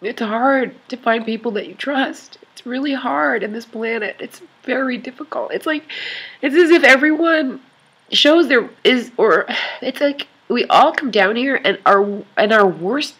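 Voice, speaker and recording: A woman talking to her online club in an emotional confessional vlog, tearful and crying, rambling and halting with many sighs. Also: a little high, a bit bright, breathy edge.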